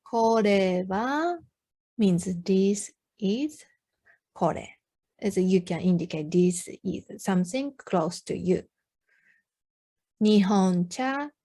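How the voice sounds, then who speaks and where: A woman with a Japanese accent, a native Japanese speaker, tutoring beginners. She explains slowly in simple English with many ums and says phrases for learners to repeat. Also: medium pitch, lively intonation, mellow. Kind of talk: online language lesson.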